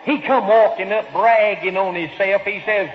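Folksy comedian with a high voice. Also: male voice, moderate pace. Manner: folksy, drawling, jokey. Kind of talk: stand-up rural storytelling on a live radio show. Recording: lo-fi 1950s radio broadcast in an echoey hall.

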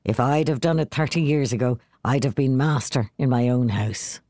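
A woman's voice: a bass voice, moderate pace, dark tone, dry recording, clean studio sound. A woman reading as a sly old Irish father. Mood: arch. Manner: sly and arch.

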